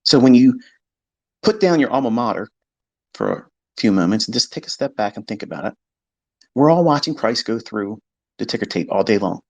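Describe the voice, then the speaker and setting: A man's voice: mid-range voice, big pitch swings, a little fast, long pauses, dull audio. Blunt, swearing man lecturing listeners. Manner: blunt, emphatic, swears, mimics skeptics in quoted asides. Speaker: trading educator hosting a live audio space. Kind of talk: casual monologue to listeners. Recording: live audio chat stream.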